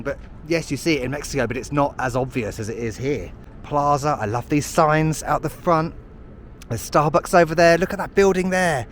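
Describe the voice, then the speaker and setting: A British travel vlogger from the United Kingdom narrates as he walks city streets outdoors, chatty and self-mocking with sarcastic asides. His British English voice is on the high side at a normal speed. There's a little hiss or hum.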